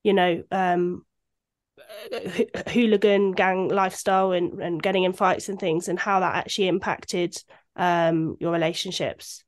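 A woman's voice: lowish voice, steady tone, measured pace. A woman co-hosting a casual chat, hesitant and searching for her words.

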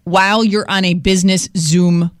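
A woman's voice: on the low side, steady tone, moderate pace, dry recording, clean studio sound. A woman co-hosting a morning radio show, teasing her partner and putting questions to callers. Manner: teasing, quizzes co-host and callers.

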